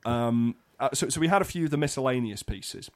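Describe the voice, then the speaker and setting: A man's voice: mid-range voice, a little fast. A young man from the north of England, telling stories in a casual chat and slipping into voices. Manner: animated storyteller, puts on voices.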